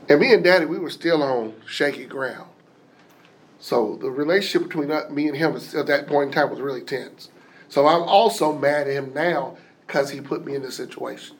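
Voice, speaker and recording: A man telling a personal story in an animated way, acting out the voices of the people in it. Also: fairly high pitch. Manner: animated, acts out quoted voices.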